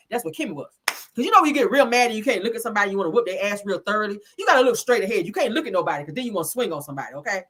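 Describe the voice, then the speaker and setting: A woman's voice: a little high, husky. A woman giving a sassy, chatty casual recap of a reality show, calling her listeners honey and child.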